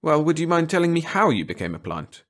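A soft-spoken army doctor in a storybook reading, played by a man as he narrates, asking calm, patient questions in a voice pitched up from the narrator's own. He keeps the same gentle manner even as his questions press harder. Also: fast talker. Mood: gently probing. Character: gentle middle-aged male army doctor.

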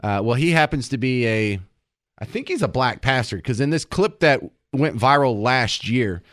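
A man's voice: medium pitch, animated, normal speed, a bit bright, dry recording, studio quality. A man hosting talk radio, giving chatty, opinionated political commentary with restarts.

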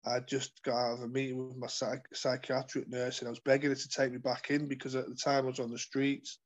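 A man telling his life story as an interview guest, earnest and halting, with many fillers and restarts. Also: mid-range voice, flat delivery. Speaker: guest sharing his testimony. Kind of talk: personal testimony in conversation.

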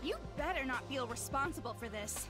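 A woman's voice: sits high, animated, a little fast, music in the background. An actress voicing a brash, bossy young woman in a video game, scolding and lovestruck.

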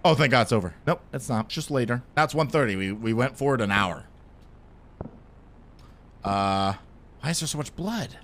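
A man's voice: medium pitch, animated, normal speed, long pauses, a bit bright, a little hiss or hum. A man giving nervous, joking commentary while playing a horror game, jumpy and easily startled. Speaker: gaming streamer.

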